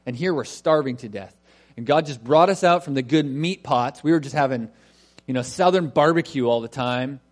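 A man's voice: medium pitch, normal speed, close to an everyday voice. A man preaching who briefly voices complaining, ungrateful wanderers in a sarcastic whine. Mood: whiny. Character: whining, ungrateful grumbling wanderers.

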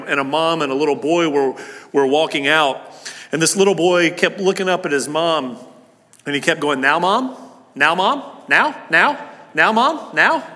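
A man delivering a church sermon in a bright, forceful voice pitched a little high. He talks earnestly and conversationally, with plenty of fillers and restarts. The sound carries the long reverb of a church hall. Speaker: pastor. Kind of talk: sermon with opening prayer. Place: church service.

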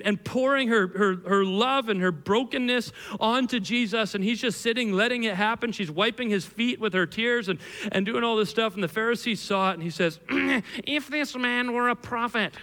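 A male pastor preaching in a long, echoing church hall, his voice very high and bright. He speaks in a loose, conversational way, restarting phrases as he goes and keeping the story lively for the room. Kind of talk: sermon. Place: church hall with a live congregation.

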